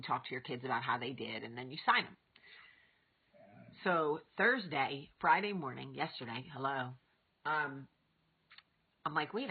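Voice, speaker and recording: A woman in her thirties hosting a vlog, telling stories casually to camera and acting out quotes with big lively jumps. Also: rumbling low, slightly rough. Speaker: vlog host. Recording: tinny phone-like audio.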